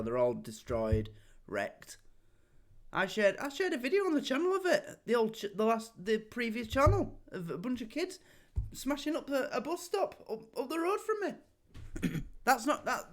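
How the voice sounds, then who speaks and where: A man hosting a reaction video, chatty and sweary, rambling as he comments. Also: on the high side.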